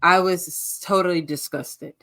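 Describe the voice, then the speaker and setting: A woman's voice: on the low side, steady tone, normal speed, bright, forceful tone, no room sound, clean studio sound. A woman guest on a podcast, giving blunt and sassy commentary in casual chat.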